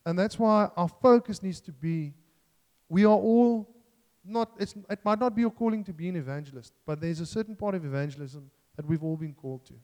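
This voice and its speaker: A man's voice: high voice, a little fast, dark tone. Earnest preacher man in a reverberant hall. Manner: earnest, self-deprecating, with restarts and jokes. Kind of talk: sermon.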